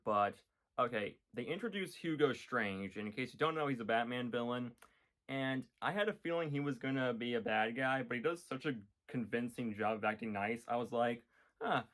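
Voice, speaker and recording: A man talking casually about cartoon episodes he watched, rambling and joking with lots of fillers. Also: mid-range voice. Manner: rambling, jokey, many fillers. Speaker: vlogger reviewing a cartoon series.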